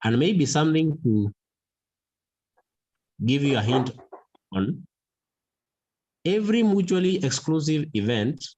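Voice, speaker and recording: A man teaching a mathematics lesson, slow and deliberate, repeating key words for emphasis. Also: fairly high pitch, lively intonation, darkish tone, poor audio. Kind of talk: classroom lesson.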